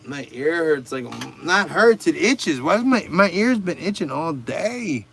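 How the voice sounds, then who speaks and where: A man's voice: fairly high pitch, lively intonation, measured pace, fairly bright tone. A man hosting a casual livestream chat, talking stoned, laid-back and profane while teasing a viewer. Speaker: livestream host.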